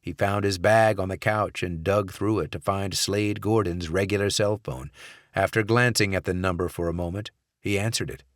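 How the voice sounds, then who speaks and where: A male audiobook narrator reads in a measured, steady way with a low voice. The sound is close on the mic and very dry, with no room around it. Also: no room sound. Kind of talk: scripted narration.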